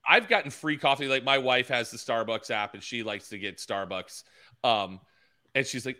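A man co-hosting a podcast, telling stories in a lively way and acting out the scenes. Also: medium pitch, normal speed. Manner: animated storyteller, acts out scenes. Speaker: podcast co-host. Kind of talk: casual chat.

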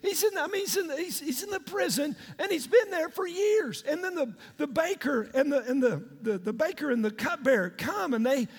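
A pastor preaching in a large church hall, with long reverb ringing after his words. His voice is very high and lively, bouncing up and down as he jokes and tells the story in slang. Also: fairly quick, few pauses. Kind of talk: sermon retelling a story.

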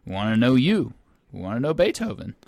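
A male comedy podcast host pressing his guest with eager questions and stumbling over repeated words. His pitch sits in the middle range. The mic is close and dry. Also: very animated, brisk, creaky, a little mellow, no room sound. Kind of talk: improvised comedy podcast interview.

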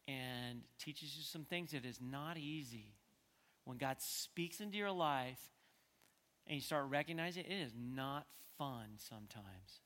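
A man preaching a sermon as pastor. He talks conversationally and swings from quiet stretches to emphatic peaks. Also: medium pitch. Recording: long hall reverb.

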